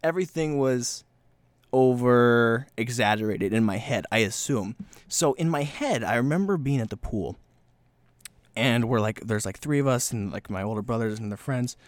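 A man hosting a solo podcast, rambling and self-mocking, slightly breathless, slipping into quick voiced bits. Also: mid-range voice, expressive, no room sound. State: slightly breathless from talking fast. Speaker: podcast host.

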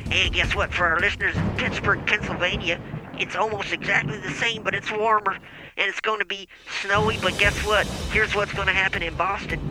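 Brief: man putting on a high, pitch-shifted coal-miner weatherman over a hissy call-in line; folksy, keeps saying his own name. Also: fairly even intonation, fairly quick. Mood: excited. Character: Earl, a wheezy male ex-coal-miner weatherman. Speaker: caller doing the weather.

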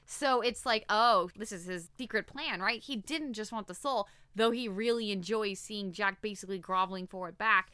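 Bright-voiced woman discussing a show. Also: medium pitch, normal speed, hardly any pauses, smooth, dry recording, clean studio sound. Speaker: podcast co-host. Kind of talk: casual chat recapping a show.

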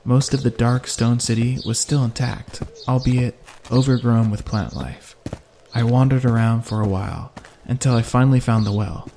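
A man narrating a first-person fantasy audiobook in a steady, even manner. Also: mid-range voice, moderate pace, gravelly, slight background noise.

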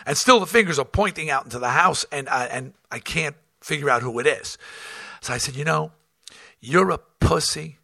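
A man with a gravelly, husky voice and a sharp, bright edge tells rough stories from years of touring. He talks in an animated, blunt and profane way, acts out quotes and keeps restarting his sentences. The sound is dry and close. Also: medium pitch, brisk, no room sound. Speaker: rock band front man telling tour stories. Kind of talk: casual storytelling.

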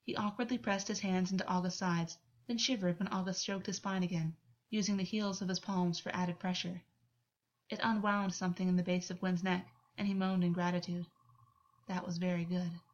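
A woman reading a story aloud as narrator in an even, unhurried way. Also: lowish voice. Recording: dull lo-fi recording.

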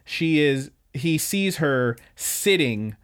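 Slow-paced and clean in tone, a young man's high-leaning voice recaps anime episodes on the podcast he co-hosts. It's a laid-back, rambling, profane recap punctuated by animated quoted voices.

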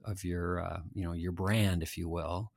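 A man's voice: deep voice, fairly even intonation, moderate pace, creaky, a little mellow, dry recording, clean studio sound. A man hosting a podcast, asking long, playful questions with many fillers and restarts. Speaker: podcast host. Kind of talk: interview questions.

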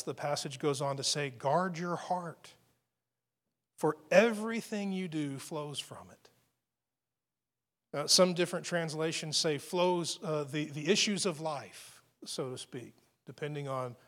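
A male pastor delivers a sermon with earnest emphasis, his voice sitting slightly higher than most men's. He stresses key phrases, repeats words and restarts his sentences as he works through his points. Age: adult with family.

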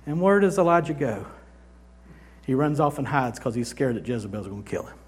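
A man's voice: a little high, lively intonation, a little fast. A man preaching a sermon in a dramatic, conversational way, mixing humorous asides with vivid retellings of scripture. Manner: dramatic, acts out scripture scenes with big swings from loud to hushed. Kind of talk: sermon teaching.

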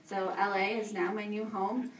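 A woman's voice: medium pitch, level tone, normal speed. A young woman from Texas, out of breath and a little nervous, rambling and laughing as she answers questions on a convention panel. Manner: giggly, nervous, rambling with fillers. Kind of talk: casual panel Q&A. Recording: echoey room, from far off.

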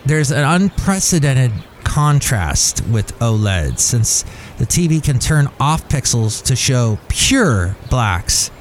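A man's voice: mid-range voice, big pitch swings, slow, slight background noise. Man hosting a jokey solo podcast. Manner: reads facts aloud then breaks off into joking asides. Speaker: podcast host. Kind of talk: solo podcast monologue reading tech info.

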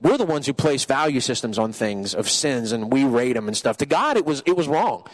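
A man preaching a sermon, animated and conversational, shifting between lively asides and quiet earnest passages. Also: medium pitch, brisk. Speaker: pastor.

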